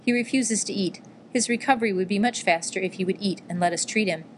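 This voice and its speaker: A woman's voice: medium pitch, fast talker, a little hiss or hum, close to an everyday voice. A woman voicing a kindly male army doctor who pleads politely in an audiobook. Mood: pleading. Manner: earnest, courteous pleading.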